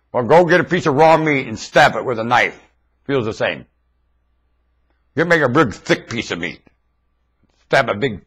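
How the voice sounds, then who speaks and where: A man with a husky voice, rambling aloud to his viewers in a webcam monologue. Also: mid-range voice, fairly bright tone, rough recording. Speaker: vlogger.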